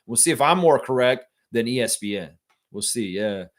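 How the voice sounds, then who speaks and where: A male stream host talks in a loose, unscripted way, often swearing and reading out viewer comments. His voice sits at an ordinary middle pitch. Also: expressive, normal speed. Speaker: host of a fan live stream. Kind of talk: casual live-stream chat.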